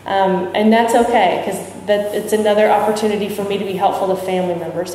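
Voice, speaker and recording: Speaking quickly and steadily with hardly any pauses, a woman with a mellow, medium-pitched voice addresses a recovery convention. She opens up about her recovery, jokes around and asks the audience questions in a large hall. Recorded from a distance, the sound echoes and carries a little hiss or hum.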